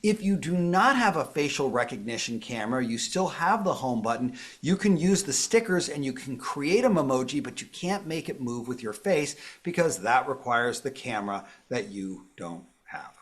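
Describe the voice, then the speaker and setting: A man's voice: medium pitch, expressive, moderate pace, few pauses, a bit bright. A man presenting a live phone tutorial, walking viewers through each step in an upbeat, explanatory way. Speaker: tech presenter.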